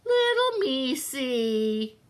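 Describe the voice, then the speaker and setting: A woman voicing a slow-witted, half-deaf kitchen maid in a read-aloud storybook, drawling her words slowly and simply. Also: sits high, very animated, pitched above the performer's own voice, exaggerated voice.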